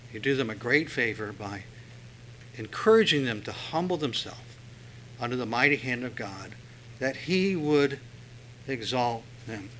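Male preacher, bright voice, chatty storytelling sermon, faint hum. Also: medium pitch, rough recording. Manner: conversational, storytelling, with many fillers.

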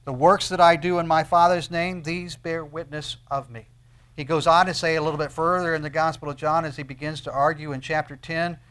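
A man preaching a sermon on scripture, emphatic, slowing to stress phrases, repeating key words and dropping suddenly to a low, soft voice. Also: flat delivery, smooth.

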